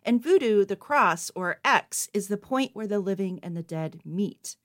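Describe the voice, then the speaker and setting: A woman co-host reading a scripted history segment in an even, matter-of-fact way. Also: mid-range voice, unhurried. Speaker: podcast co-host.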